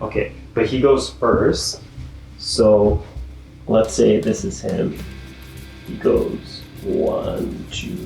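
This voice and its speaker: A man's voice: on the low side, a little mellow. A man narrating as game master of a tabletop game, easygoing, laughing often and explaining the rules patiently. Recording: echoey room with faint music.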